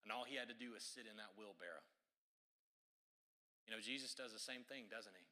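Bright, animated male preacher. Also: lowish voice, brisk, long pauses. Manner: animated storytelling with joking asides. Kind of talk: sermon.

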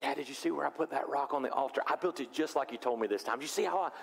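A man voicing an excited young son from a Bible story in a sermon, firing off eager questions. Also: mid-range voice, very fast, gravelly, long reverb tail, close to an everyday voice.

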